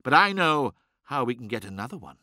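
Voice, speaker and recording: A man's voice: mid-range voice, big pitch swings, a little fast, sharp tone, no room sound, clean studio sound. A man voicing a grim, distracted male warrior set on marching to war.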